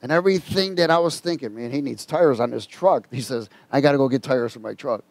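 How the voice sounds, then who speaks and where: With a medium-pitched voice and no echo, a man preaches a sermon, sharing a personal story in folksy, colloquial language and reading scripture slowly and with emphasis.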